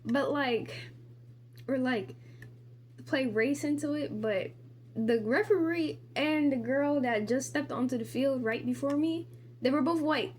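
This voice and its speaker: A teenage girl chats into her camera while getting ready, her high voice tumbling through a rambling, indignant, profanity-laced story packed with "like." A faint hiss sits under the home recording. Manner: rambling, profane, heavy use of "like"; indignant ranting. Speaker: vlogger. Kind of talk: casual get-ready-with-me storytime.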